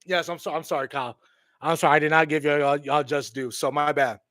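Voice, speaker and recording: Hyped-up guy on a live stream, slightly high voice, cussing a lot, dry close sound. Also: steady tone, quick pace, a bit bright, no room sound. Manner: hyped, swearing, repeats himself and calls listeners bro and homie. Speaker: streamer hosting a draft watch party. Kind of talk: excited casual live-stream reaction.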